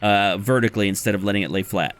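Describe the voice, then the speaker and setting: A man narrating a tabletop game as game master, describing scenes in a relaxed, plain way. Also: on the low side, fast, clear, resonant tone.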